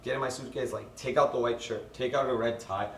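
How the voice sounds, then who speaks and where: A man's voice: medium pitch, a little fast. Laughing young man telling a story. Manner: animated storyteller, laughing, acting out quotes. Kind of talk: casual chat. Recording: roomy, distant mic, noisy background.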